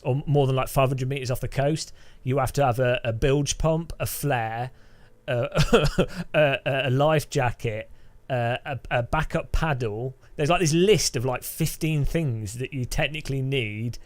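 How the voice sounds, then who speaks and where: Playing a game on a live stream, a man chats with his viewers in a mid-range voice at a measured pace. He rambles, keeps restarting sentences, and laughs a lot.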